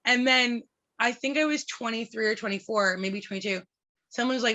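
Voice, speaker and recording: A woman's voice: on the high side, brisk, muffled recording. A woman in her thirties, a podcast guest, telling stories frankly and with lots of animation. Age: 30s. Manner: frank, animated storytelling with swearing and laughs. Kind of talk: candid podcast conversation.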